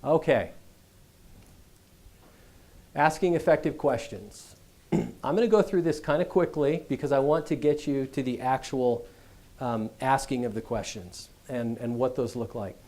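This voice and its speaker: A middle-aged man giving a business school address, telling stories in a conversational, animated way. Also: medium pitch, a little slow, long pauses. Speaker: guest speaker.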